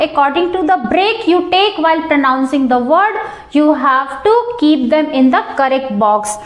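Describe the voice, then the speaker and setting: A woman's voice: sits high, echoey room. A woman teacher, explaining a textbook lesson to students step by step and often addressing them directly.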